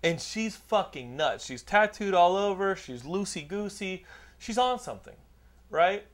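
A man's voice: sits high, lively intonation, measured pace. A middle-aged man hosting a podcast, telling a long profane anecdote in casual chat. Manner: profane, rambling anecdote teller. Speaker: podcast host.

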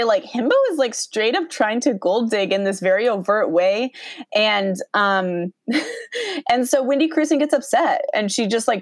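A woman's voice: mid-range voice, dry recording. A woman casually recapping a movie, acting out the characters' lines and laughing often. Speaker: podcast co-host recapping a movie. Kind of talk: casual chat.

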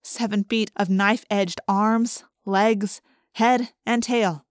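A woman narrating an audiobook in the first person, vivid and expressive. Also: medium pitch, slow pace, no echo, clean studio sound.

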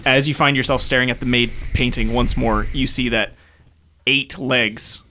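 Bright-voiced male game master. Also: medium pitch, fairly even intonation, moderate pace, a little hiss or hum. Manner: rambling narration with frequent fillers. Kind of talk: narrating a tabletop game.

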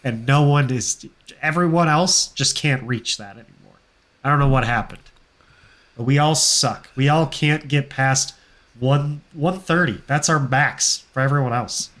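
A man with a mid-pitched, ordinary voice chats casually as a podcast co-host. He is easygoing and likes to brag a little in good humour. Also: unhurried, a bit bright. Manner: playfully boastful, easygoing. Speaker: podcast co-host and league commissioner. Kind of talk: casual chat.

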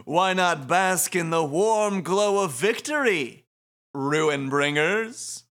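A speaker voicing a theatrical male game master who announces slowly and with flourish. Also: mid-range voice, animated, a bit bright, voice pushed up. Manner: slow, showy announcing.

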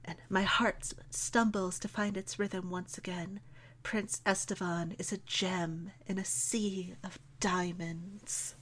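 A woman's voice: mid-range voice, flat delivery, takes it slowly, a bit bright. A woman co-hosting a casual book review podcast, laughing often and mocking characters in silly voices. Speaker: podcast co-host.

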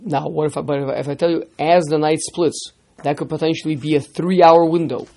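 A man teaching a text study class, lively, firing rhetorical questions at his students and repeating words as he starts sentences. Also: on the high side, fairly quick. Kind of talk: interactive text lesson.

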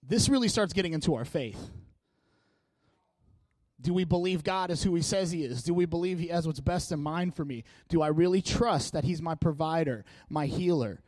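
A man giving a casual sermon in a church, talking in a chatty, joking, animated way. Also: on the high side, moderate pace, no room sound. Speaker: church speaker. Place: church meeting room.

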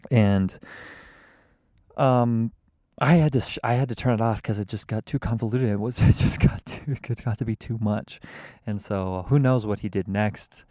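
A man hosting a podcast from inside his car, rambling and wordy in a casual monologue, mocking himself and now and then leaping into a theatrical high voice. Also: normal speed, warm tone, dry recording. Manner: rambling, wordy and self-mocking, with sudden theatrical jumps in pitch. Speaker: podcast host. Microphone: podcast microphone.

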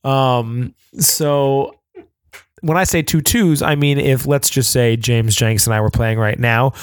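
A man's voice: medium pitch, slow pace, smooth, no echo. Rambling male podcast host, dry sound. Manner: rambling, full of fillers and restarts. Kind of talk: casual chat explaining game rules.

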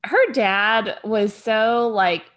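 A woman co-hosting a podcast, chatting casually and agreeably, thinking out loud as she talks. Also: fairly high pitch, very slow, noisy background. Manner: conversational, agreeable, thinks aloud with restarts. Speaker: podcast co-host. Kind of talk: casual chat recapping reality TV.

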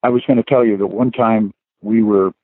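Man, lowish voice, rambling storyteller, chuckles a lot, thin phone-line sound, dry. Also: fairly even intonation, a little fast, no echo. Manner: rambling anecdotes with chuckles and "you know" fillers. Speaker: guest musician. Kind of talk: casual storytelling interview.

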